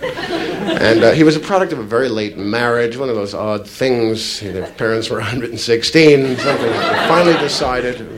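A man doing a stand-up comedy routine, telling stories in a lively way and breaking into sudden shouted impressions. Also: mid-range voice, moderate pace, a crowd in the background. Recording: noisy live club with audience laughter. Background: audience laughter.

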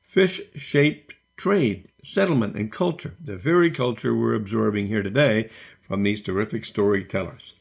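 A man's voice: on the low side, normal speed, creaky. A male host, introducing storytellers and musicians in an informative way. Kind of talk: introducing acts at a show.

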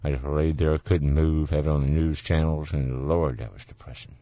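A man's voice: a bass voice, fairly even intonation, normal speed, warm tone, no room sound. A man with a Southern US accent hosting a call-in radio show, folksy and easygoing, laughing often. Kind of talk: casual call-in radio chat.

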